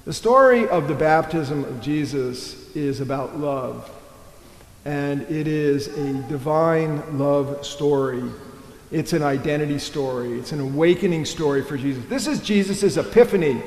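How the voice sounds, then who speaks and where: Male priest, earnest rambling sermon, a bit high-pitched, roomy church echo. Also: moderate pace. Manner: earnest, digressive preaching with filler and restarts. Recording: echoey church hall.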